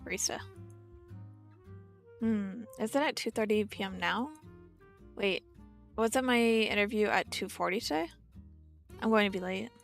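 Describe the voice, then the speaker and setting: Woman streamer, casual game chat, gravelly fry, light guitar music behind. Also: medium pitch, moderate pace, pauses often. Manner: chatty, reacts aloud. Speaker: streamer playing a visual novel.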